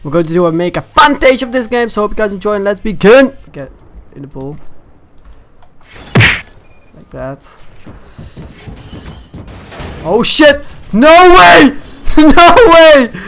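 High-voiced excitable gamer man. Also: a little slow, long pauses, a little hiss or hum. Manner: excitable, shouting and swearing at the game. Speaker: gaming channel host. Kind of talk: gameplay commentary.

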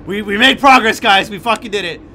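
A young man giving gameplay commentary, swinging from hushed muttering to loud, sweary shouting. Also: sits high, a little fast, a little hiss or hum. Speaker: gaming YouTuber.

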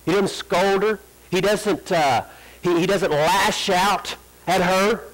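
High-voiced preaching man. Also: fairly bright tone, low-quality recording. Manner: preaching with rising emphasis, drawn-out quoted prayers. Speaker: pastor. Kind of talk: sermon. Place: church sanctuary.

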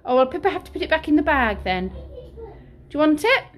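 A woman's voice: high-pitched, very animated, fast talker. Sing-song British woman chatting with toddlers. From United Kingdom. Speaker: vlogger and childminder. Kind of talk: casual vlog chat with small children. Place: home kitchen and playroom.

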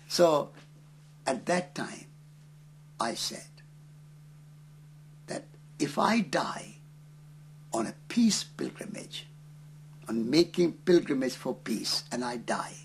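A man from India, telling a story in an interview in an earnest, unhurried way with hesitant fillers. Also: mid-range voice, expressive, a little hiss or hum.

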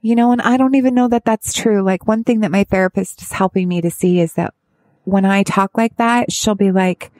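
A woman speaking as a parent of a child with addiction, giving candid advice in a halting, heartfelt way with many restarts. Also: medium pitch, a little mellow, no room sound. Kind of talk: candid personal advice talk.

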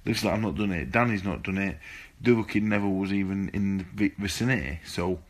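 A boxer with a low voice tells a rambling, sweary story to his phone camera, fast but laid-back and casual.

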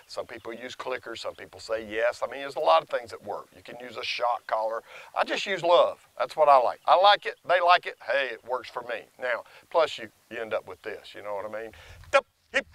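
An older man, a dog trainer, talking in a lively, folksy way outdoors with his dog on a close lapel mic. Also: fairly quick, dry recording. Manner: lively, folksy, praises the dog in a high sing-song. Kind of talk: casual outdoor training vlog.

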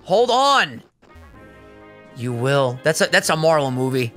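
A young man giving casual gameplay commentary as a co-host, excitable and teasing, laughing often. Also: a little high, moderate pace, faint music behind. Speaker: co-host of a gaming series.

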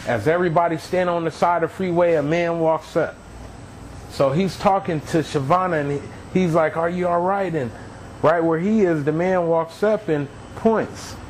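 A man telling his own near-death story as a testimony, earnest and animated, acting out what others said. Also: on the high side, slight background noise, poor audio. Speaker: testimony speaker. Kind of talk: personal testimony.

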